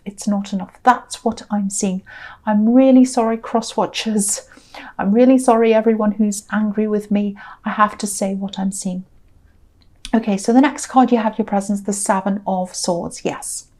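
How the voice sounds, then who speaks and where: A woman's voice: on the high side, darkish tone. A woman giving a tarot reading, speaking earnestly and hesitantly, apologizing as she goes. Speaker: tarot reader.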